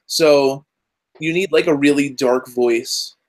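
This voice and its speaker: Excitable rambling man on a video call. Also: on the high side, slow pace. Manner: excitable, rambling, many "like" fillers. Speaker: guest, journalist and game voice actor. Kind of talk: casual interview chat.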